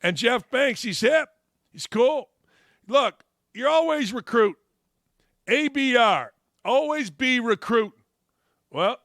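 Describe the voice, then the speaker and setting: A middle-aged man hosting a sports talk show, delivering a mocking monologue with sudden loud shouted bursts. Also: extremely high pitch, animated, slow, long pauses, no echo, studio quality.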